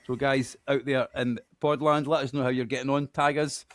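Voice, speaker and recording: Hosting a podcast quiz, this man from Scotland speaks with a Scottish accent in a medium-pitched, level tone, recorded with no room sound. His manner is chatty and self-deprecating, and he reads names out slowly.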